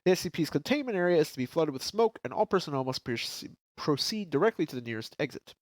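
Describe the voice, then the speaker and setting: A man with a congested, stuffy voice co-hosts a podcast from his apartment, joking around and reading reports aloud with a few restarts. His voice sits a bit high and moves a lot. The sound is close and dry. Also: very animated, fast, dry recording. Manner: joking, reads documents aloud with stumbles and restarts. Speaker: podcast co-host. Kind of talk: casual chat and reading aloud.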